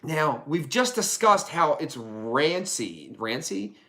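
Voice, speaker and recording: Animated, profane male storyteller. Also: on the high side, slow pace. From Pennsylvania. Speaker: podcast guest. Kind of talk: casual storytelling.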